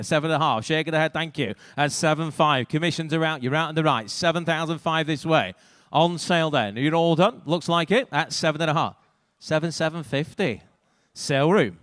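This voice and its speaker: A British male auctioneer rattles off bid numbers in a quick, rhythmic call, his voice sitting a little high for a man. It is close and dry, with no room echo, and he drops in wry asides between bids. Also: fairly bright tone. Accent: British English. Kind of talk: live auction calling.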